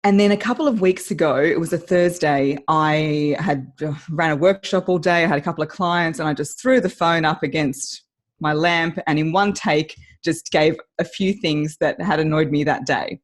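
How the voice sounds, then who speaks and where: An Australian woman, a voice coach, chatting as an interview guest and telling her story in an animated way with frequent laughs. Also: low voice, normal speed. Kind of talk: casual interview chat.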